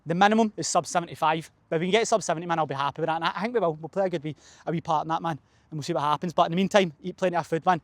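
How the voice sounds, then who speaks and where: A man's voice: on the high side, rapid-fire, no room sound. A young man, a fitness coach, chatting casually and swearing a lot outdoors at a cold running track, out of breath after a session. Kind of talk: casual vlog chat.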